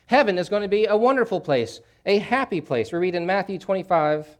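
Fervent preacher man, loud then hushed. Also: expressive, a little fast. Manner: swings from hushed, grave lows to loud, fervent emphasis; repeats key phrases for emphasis. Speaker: pastor. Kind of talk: sermon.

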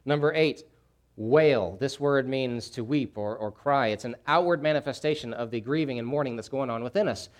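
A man preaching a sermon, swinging from hushed, grave lows to loud, fervent emphasis and repeating key phrases. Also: moderate pace. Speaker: pastor.

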